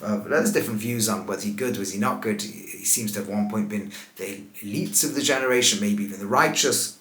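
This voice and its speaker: A man, a rabbi, teaching scripture in a lively way, asking rhetorical questions and laughing at the text. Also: medium pitch, reverberant. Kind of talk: animated scripture lesson.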